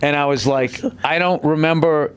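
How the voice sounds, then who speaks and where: A man's voice: a little high, steady tone, moderate pace, clean tone. A man, a comedian guest, swearing freely as he rambles through a story in casual chat.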